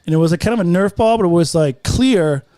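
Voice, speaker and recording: A man's voice: sits high, animated, fast, warm tone, dry recording. A man, a guest comedian, telling rambling, profane stories on a podcast and acting out the voices of the people in them. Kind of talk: casual podcast storytelling. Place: podcast studio.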